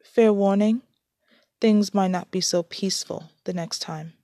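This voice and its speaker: A woman's voice: medium pitch, fairly even intonation, unhurried, mellow, no room sound, clean studio sound, natural voice. A woman voicing a smug, menacing young woman who makes cold threats, read in a storybook. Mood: threatening.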